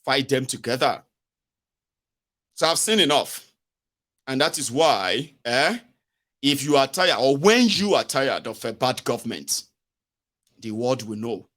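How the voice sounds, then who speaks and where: A man's voice: medium pitch, expressive, unhurried, pauses often, a bit bright. Nigerian man giving mocking live commentary. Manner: mocking, acts out quoted voices, mixes in pidgin. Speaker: host. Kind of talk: live-stream political commentary.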